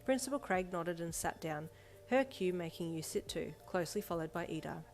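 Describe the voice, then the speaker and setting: A woman reading a second-person fanfiction story aloud in a steady storytelling manner. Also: on the low side, normal speed. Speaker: fanfiction reader. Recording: soft music bed behind voice.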